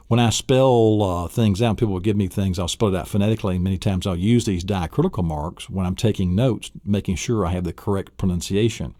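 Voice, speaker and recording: A man with a deep, mellow voice leads a spelling lesson, spelling words out letter by letter and breaking them into syllables. He often asks rhetorical questions as he goes. The sound is close and dry. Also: normal speed, no room sound. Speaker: spelling instructor.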